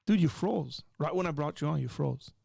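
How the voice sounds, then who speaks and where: A man hosting a live call-in stream, talking in an animated, joking way as he teaches with rising emphasis. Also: fairly high pitch, normal speed, gravelly, husky, no echo, clean studio sound. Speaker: livestream host. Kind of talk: live call-in show chat.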